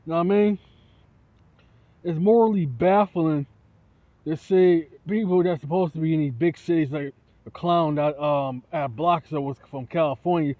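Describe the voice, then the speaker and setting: Speaking at a normal speed with a fairly high pitch, this Toledo, Ohio man vents heatedly to the camera. He's an independent musician who circles back to the same points and leans on "you know what I'm saying" constantly, all captured in thin, phone-like sound.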